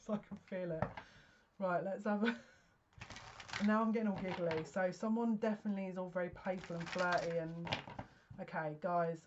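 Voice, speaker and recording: A woman with a lowish voice chats through a tarot card reading, excitable and breathless. Faint background hiss sits under her words. The recording is dull and lo-fi, as if made at home. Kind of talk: casual psychic card reading.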